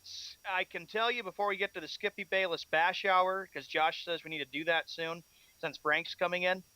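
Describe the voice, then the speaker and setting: A man with a high, bright voice co-hosts a sports talk radio show. He reads out headlines and moves the talk along to the next segment. The sound is dry and close-miked. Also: steady tone, normal speed, clean tone, no room sound, poor audio.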